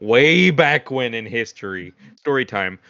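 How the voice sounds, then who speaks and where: A man at a tabletop game telling a story in animated bursts, on a dull lo-fi recording. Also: medium pitch, unhurried, smooth, dry recording. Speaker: player. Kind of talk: casual tabletop game chat. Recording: dry, dull lo-fi audio.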